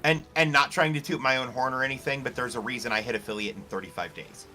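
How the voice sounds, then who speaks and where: A man's voice: medium pitch, steady tone, fast, sharp tone. A man on a casual voice chat, giving blunt, profane, confident advice about streaming.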